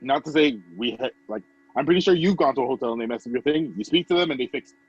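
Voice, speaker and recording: A man co-hosting a casual podcast chat, telling a story with lively acted-out quotes. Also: mid-range voice, fast talker, breathy edge, dull audio, faint music behind. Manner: animated storytelling, acts out quoted voices. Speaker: podcast co-host.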